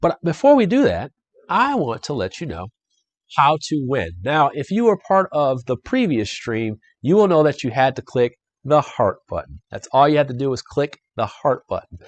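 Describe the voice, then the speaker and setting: A man's voice: medium pitch, sing-song, normal speed, no echo. A young adult man streaming a solo board game live, chatty and upbeat as he talks to viewers and reads the adventure text. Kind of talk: casual live-stream playthrough commentary.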